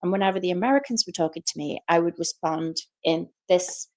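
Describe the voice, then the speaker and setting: A woman from Liverpool with a softened Scouse accent, co-hosting a podcast and telling stories in casual chat. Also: lowish voice, fairly quick. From Liverpool, England. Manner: animated storyteller. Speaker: podcast co-host.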